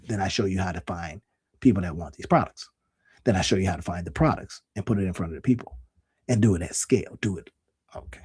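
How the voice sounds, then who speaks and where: With a deep, darkish voice that has a breathy edge, this online business coach talks fast and casually straight to camera. He comes across as folksy and forceful, circling back to the same phrases for effect.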